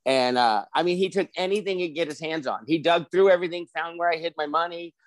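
A lively, slightly high-voiced man telling stories. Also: fast talker, no echo. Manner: animated storyteller acting out quoted voices. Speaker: podcast host. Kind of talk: casual chat.

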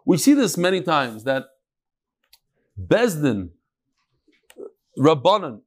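Slow-paced and on the high side, this man's voice swings widely in pitch as he leads a casual daily Talmud class. In a room with a live study group, he chants the Aramaic, explains it in easygoing English and banters and bickers with the students.

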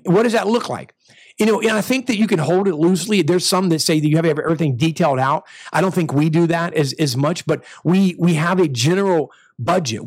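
A man's voice: a little high, breathy edge, no room sound. A man preaching a sermon as pastor, talking emphatically with repeated restarts and sudden rising bursts of energy.

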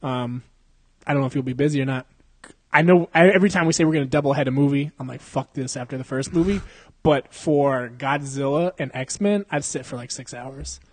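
A man's voice: medium pitch, brisk, dry recording. A young man hosting a podcast in casual chat, swearing and laughing often as he jokes around. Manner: crude, joking, laughs often, swears a lot. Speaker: podcast host.

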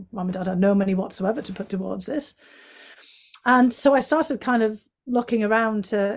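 Gravelly-voiced woman from Northeast England. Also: medium pitch. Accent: Northeast English. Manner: chatty, many "you know" fillers, animated quoting of others. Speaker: guest. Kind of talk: reflective storytelling in conversation.

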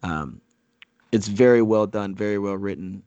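Dry, low-voiced man chatting casually. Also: normal speed, mellow, no room sound, dull audio. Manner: rambling, many fillers and restarts. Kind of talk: casual chat.

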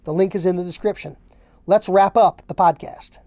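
A woman's voice: on the low side, steady tone, moderate pace, warm tone, a little hiss or hum. A woman hosting a podcast, coaching haircutters and drilling phrases word for word with emphatic repetition. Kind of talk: instructional podcast monologue.

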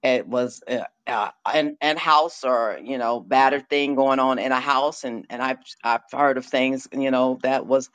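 A man's voice: medium pitch, steady tone, measured pace, hardly any pauses, fairly bright tone, clear, resonant tone. Hesitant man thinking aloud. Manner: hesitant, many fillers. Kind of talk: opinionated discussion.

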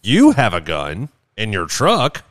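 A man's voice: on the low side, huge pitch swings, takes it slowly, fairly bright tone. A man hosting a podcast in casual chat, steering the talk and joking in mock exasperation. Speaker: podcast host.

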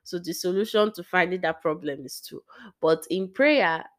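A woman's voice: lowish voice, normal speed. Chatty young woman giving faith encouragement. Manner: rambling, self-correcting, laughs often, drops to near-whisper. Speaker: Christian speaker. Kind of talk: casual faith talk to listeners.

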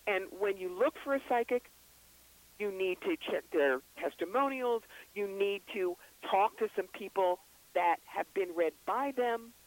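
A man with a brisk, wry storytelling manner, the psychic author and reverend being interviewed on a radio show. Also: sits high, low-quality recording. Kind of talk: interview guest.

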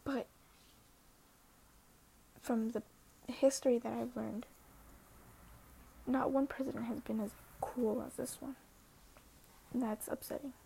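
A teenage girl vlogs in a casual, earnest monologue, hesitating often and dropping to a breathy half-whisper. Her voice sits a bit high but mellow, with plenty of vocal fry. A faint hiss of noise runs under it. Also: steady tone, slow pace, long pauses. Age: teens. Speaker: social media poster.

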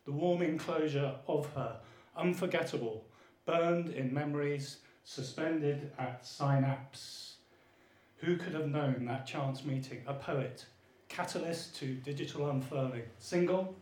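A man's voice: a little high, a little slow, darkish tone. A man poet giving an earnest, lyrical poetry reading. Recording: echoey room.

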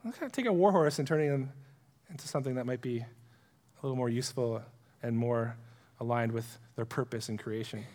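A man teaching the Bible in a conversational, animated way, throwing out rhetorical questions to his listeners. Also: medium pitch, a little fast. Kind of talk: conversational sermon-style teaching. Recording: long hall reverb.

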